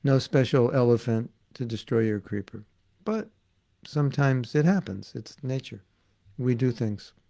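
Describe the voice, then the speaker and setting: With a dark tone and a slightly slow delivery, a man gives a casual devotional class as a spiritual teacher. His mid-pitched voice is gravelly and creaky, and he tells stories in an amused, talkative way, often voicing the people involved.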